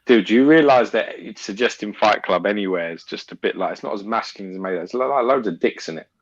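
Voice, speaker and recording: A man's voice: on the low side, lively intonation, fast talker, dull audio. A man co-hosting a podcast who teases and swears bluntly in casual chat.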